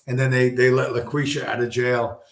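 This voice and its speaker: A streamer tells a long, rambling story, heavy on profanity and fillers, in a mid-range voice with flat delivery at normal speed. His casual monologue echoes around a roomy space.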